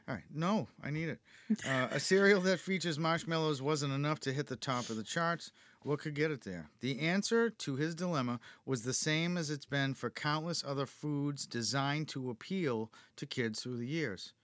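A man hosting a chatty podcast, his voice a little high for a man, jokey and quick to laugh as he reads from his notes. The sound is dry and close, with no room around it. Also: fairly bright tone, dry recording. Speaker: podcast host. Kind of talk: casual podcast chat reading facts.

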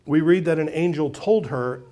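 A man's voice: on the high side, moderate pace. A man preaching a sermon as pastor, retelling a story expressively and acting out its voices. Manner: expressive storytelling, acts out quotes.

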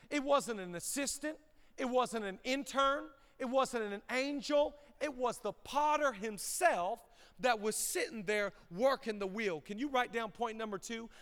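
A male pastor preaching a sermon, swinging between loud bursts and quick, low asides. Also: in a large hall. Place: church auditorium.

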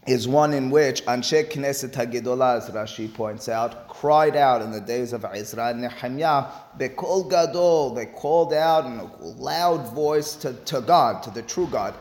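A man at a middle pitch leads a Talmud study lesson. He reads the Hebrew and Aramaic text aloud and then explains it in English. His delivery is animated, and it climbs to emphatic pleas when he drives home a point. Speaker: Talmud teacher.

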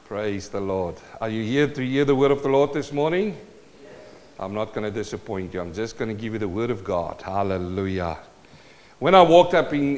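Male preacher, South African accent, playful and interactive, recorded with long church reverb. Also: mid-range voice. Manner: playful, calls out to the congregation. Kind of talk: sermon.

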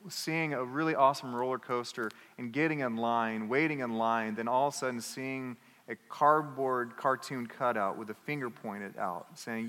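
Guy preaching in a church, bright voice, big reverb, really animated. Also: mid-range voice, normal speed. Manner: animated storytelling, voices the characters in the story. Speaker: pastor. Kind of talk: sermon.

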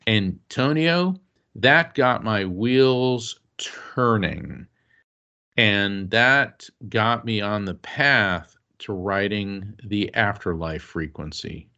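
Earnest low-voiced man telling a story. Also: lively intonation, extremely slow, sharp tone, highs cut off. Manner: earnest, emotional storyteller who acts out quotes. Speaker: psychic medium and author, interview guest. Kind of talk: personal storytelling in an interview.

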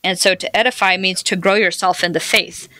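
A woman's voice: medium pitch, fairly even intonation, brisk, bright, forceful tone, dry recording. A woman preaching a sermon, telling personal stories and quoting scripture in an earnest way. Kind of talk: sermon teaching.

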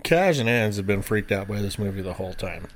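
A man telling a story to friends in an animated way, laughing and swearing often. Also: fairly low pitch, brisk. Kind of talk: casual storytelling.

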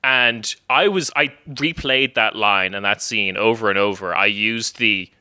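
Chatty guy, bright dry voice. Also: on the low side, a little slow, no echo. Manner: rambling, frequent fillers and restarts, swearing. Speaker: podcast guest. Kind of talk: casual podcast chat.

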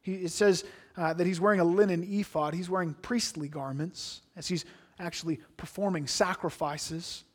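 A man preaching a sermon, reading scripture aloud and then explaining it earnestly, sometimes dropping to a hushed aside. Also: sits high, steady tone, normal speed.

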